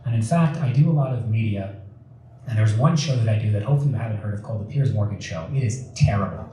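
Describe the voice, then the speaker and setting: A young man's lowish, mellow voice comes through animated and fast as he entertains an audience with a casual, joking story and lots of fillers. The setting is a community event in a community center hall, heard through an echoey room with a far-off mic and faint noise.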